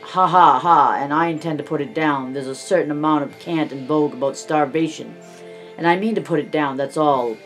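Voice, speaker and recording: A man's voice: a little high, a little fast, a bit bright, faint music behind. A man reading an audiobook, voicing a pompous, self-satisfied male alderman who talks down to the poor. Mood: smug. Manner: self-satisfied, patronizing, chuckling.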